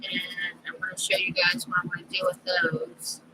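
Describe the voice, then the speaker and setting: A middle-aged woman chatting slowly as a craft vlogger, rambling with fillers. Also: fairly low pitch, completely flat delivery, sharp tone, slight background noise, poor audio. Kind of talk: casual crafting chat.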